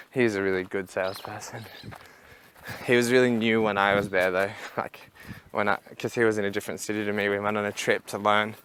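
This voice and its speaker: Young man, low voice, rambling casual vlog chat, laughs often, walking outside. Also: flat delivery, normal speed, fairly bright tone, slight background noise. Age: young adult. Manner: rambling and chatty, laughs at his own stories. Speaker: vlogger. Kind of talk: casual walk-and-talk vlog. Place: outdoors, walking.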